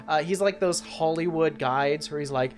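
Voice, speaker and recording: Man narrating a tabletop game, halting. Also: a little high, soft background music. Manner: rambling narration with many fillers. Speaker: game master.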